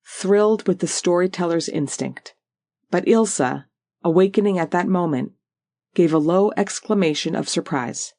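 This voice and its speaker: An audiobook narrator telling a novel in measured, unhurried scripted narration. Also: medium pitch, a little mellow, dry recording, studio quality.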